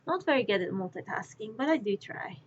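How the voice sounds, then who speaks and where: A woman streamer chatting casually with viewers while she crafts, rambling and distracted, sometimes muttering softly to herself. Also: mid-range voice, lively intonation, fairly quick, a little hiss or hum. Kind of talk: casual live-stream chat. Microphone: wearing headphones. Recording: dull lo-fi stream audio.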